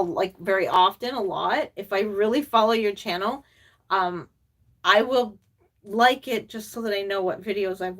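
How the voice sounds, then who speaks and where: An older woman chats her way through a live stream, rambling warmly between fillers and little laughs as she answers viewer comments. Now and then she slips into soft, cooing baby talk. Her middle-pitched voice sits a little back from the microphone. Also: far from the mic. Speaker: reborn doll artist and collector hosting a live stream.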